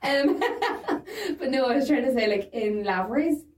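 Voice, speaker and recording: A woman in her twenties, a stand-up comedian, chatting casually and animatedly with lots of swearing. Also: high-pitched. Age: 20s. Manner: animated, swearing, quick storytelling. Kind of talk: casual podcast chat. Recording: roomy sound, distant mic.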